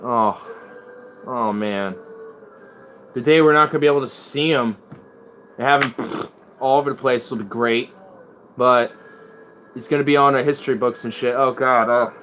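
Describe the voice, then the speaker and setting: A man talking casually to his viewers in a loose, rambling way, with frequent swearing. His voice sits at an ordinary middle pitch, and there is a faint hiss behind him. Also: normal speed, pauses often, a bit bright. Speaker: streamer playing guitar. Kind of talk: casual chat.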